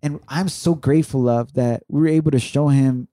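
A man's voice: mid-range voice, fairly even intonation, moderate pace, warm tone, dry recording, studio quality. A middle-aged man co-hosting a podcast, talking earnestly and reflectively with his wife and encouraging listeners. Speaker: podcast co-host. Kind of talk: heartfelt conversation with his wife.

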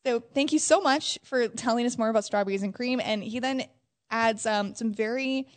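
A woman's voice: on the high side, moderate pace. A woman co-hosting a podcast, reading out a listener's email with fillers and laughs. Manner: giggly, reads aloud with frequent fillers. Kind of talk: casual chat.

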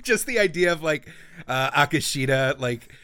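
A man's voice: a little high, animated, normal speed, pushed and bright, smooth, no echo. A man co-hosting a film podcast, explaining in a loose, filler-heavy way. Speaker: podcast co-host. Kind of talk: casual film discussion.

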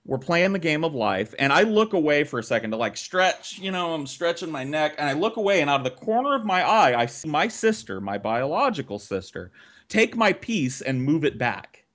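A man's voice: on the high side, very animated, moderate pace, fairly bright tone. A man telling a childhood story on a podcast in casual, profanity-laced chat.

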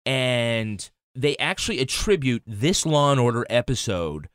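A man's voice: mid-range voice, animated, a little slow, a bit bright, clear, resonant tone, no room sound, studio quality. A man co-hosting a podcast in casual chat, teasing and laughing often, then reading the show's outro. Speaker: podcast co-host.

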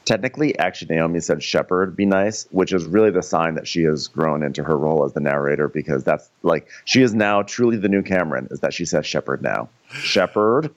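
A man's voice: quick pace, hardly any pauses, muffled recording. A man co-hosting a comedy podcast, recapping a reality show and acting out the cast in squealy voices. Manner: animated, acts out cast members in high squealy voices. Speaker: podcast co-host.

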